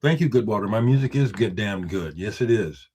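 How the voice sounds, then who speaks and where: A man's voice: fairly low pitch, expressive, fairly quick, darkish tone, a little hiss or hum. A man who is a musician, hosting a casual live stream, replying to viewers' comments and emphatically talking up his own records. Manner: emphatic, boastful, replies to chat comments.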